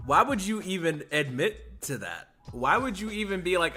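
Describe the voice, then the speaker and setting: Bright, lively-pitched reaction streamer. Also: normal speed, hardly any pauses, faint music behind. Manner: loud, incredulous, laughing, swearing. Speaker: streamer reacting to a podcast clip. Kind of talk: live reaction commentary.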